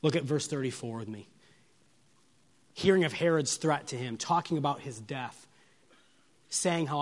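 A man preaching an expository sermon. He asks his listeners rhetorical questions and moves from soft, low lines to raised, emphatic ones. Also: normal speed, long pauses. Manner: lingers on single words for weight.

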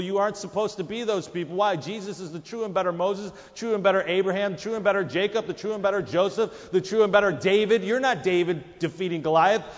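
A man's voice: high-pitched, long reverb tail, lo-fi sound. A man preaching a sermon, emphatic, his voice jumping up for quoted lines. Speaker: pastor.

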